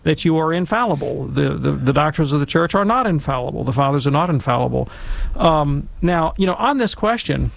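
A man talking casually and emphatically, telling stories and giving commentary in an animated, conversational way. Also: on the high side, a little fast, vocal fry.

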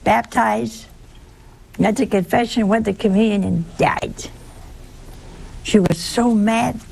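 A woman's voice: mid-range voice, steady tone, slow, gravelly, a little mellow, slight background noise. A woman giving a conversational sermon, full of rhetorical questions and folksy asides. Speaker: preacher.

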